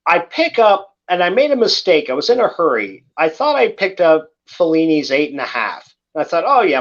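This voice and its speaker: A middle-aged man hosting a casual late-night chat stream, rambling, swearing freely and laughing through his stories. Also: on the high side. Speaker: host. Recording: lo-fi dull microphone.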